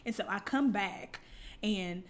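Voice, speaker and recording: A young woman co-hosting a podcast, telling funny work stories in casual chat, animated and laughing often. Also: mid-range voice, slow. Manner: animated, laughs often, acts out quoted voices. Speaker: podcast co-host, veterinary technician.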